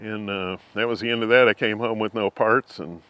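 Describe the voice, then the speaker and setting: Folksy low-voiced storyteller. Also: male voice, fairly even intonation, a little fast, sharp tone, no room sound. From Missouri. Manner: rambling folksy anecdotes with frequent throat clearing. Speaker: interviewee. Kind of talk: casual storytelling.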